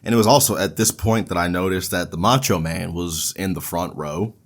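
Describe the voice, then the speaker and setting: A man's voice: deep voice, fairly quick. A man hosting a casual wrestling recap podcast, laid-back and profane, laughing at his own slips. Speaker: podcast host.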